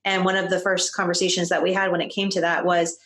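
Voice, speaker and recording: A woman's voice: on the low side, flat delivery, fast, a bit bright. A woman guest on a podcast, talking in a casual, emphatic and opinionated way. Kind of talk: casual conversation.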